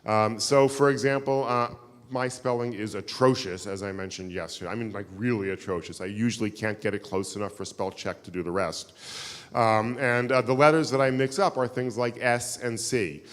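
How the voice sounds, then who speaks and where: A man's voice: lowish voice, normal speed. A man giving a keynote lecture, telling stories in a chatty, self-deprecating way with lots of fillers. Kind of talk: live lecture with audience questions. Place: synagogue hall. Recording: reverberant hall.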